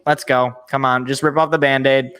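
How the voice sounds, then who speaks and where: A man's voice: medium pitch, little pitch movement, normal speed, sharp tone, clean tone. A young man hosting a sports show, reacting live with exasperated, sarcastic, rambling commentary. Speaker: sports podcast host.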